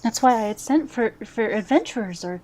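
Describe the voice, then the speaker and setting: A woman's voice: on the high side, animated, fairly quick, dark tone, voice pushed up, natural voice. A woman voicing a worried, matronly older priestess who speaks anxiously and sometimes in a breathless half-whisper. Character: worried matronly older priestess, gray-haired head of temple.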